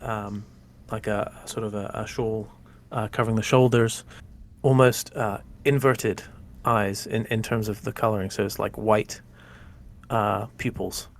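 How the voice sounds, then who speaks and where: A man narrating a tabletop role-playing game as game master, rambling casually with many fillers. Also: fairly low pitch.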